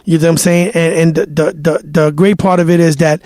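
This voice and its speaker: A high-voiced man spins animated stories from his DJ days, swearing freely and acting out every quote. He sounds like he's in his thirties. The recording is dry and close to the mic. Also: a little fast, dry recording. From New York. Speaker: DJ guest. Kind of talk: casual interview storytelling.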